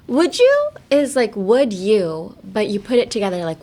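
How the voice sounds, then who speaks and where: A woman's voice: fairly high pitch, sing-song, measured pace, few pauses. A young woman hosting a bilingual podcast, chatting casually and playfully as she teaches. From United States. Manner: playful, giggly, switching between English and Japanese. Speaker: podcast host.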